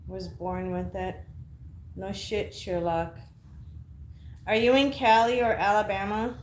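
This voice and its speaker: A woman's voice: mid-range voice, fairly even intonation, takes it slowly, slight background noise. A woman hosting a casual livestream podcast, blunt and playful, swearing freely as she chats with viewers. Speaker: podcast host. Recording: echoey room.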